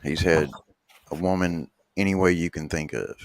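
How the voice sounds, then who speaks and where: Deep-voiced man telling a folksy joke. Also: fairly even intonation, normal speed. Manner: acts out the characters' voices, rising to a high squeal at the punchline.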